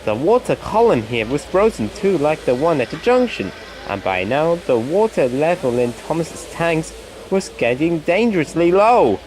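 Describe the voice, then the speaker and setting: A man reads a children's storybook aloud, his voice a touch higher than most and moving a great deal in pitch. The delivery is lively and expressive, suited to a young audience. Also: moderate pace.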